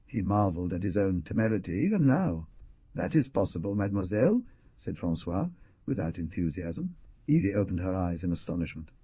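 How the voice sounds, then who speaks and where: A man narrating an audiobook in a dramatic style, with a husky voice and lively delivery of the characters' lines. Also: sits low, a little fast, no room sound. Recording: dull, muffled studio recording.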